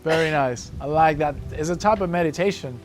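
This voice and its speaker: A man's voice: a little high, fairly quick. A man coaching a breath-hold session, encouraging the group and calling out hold times.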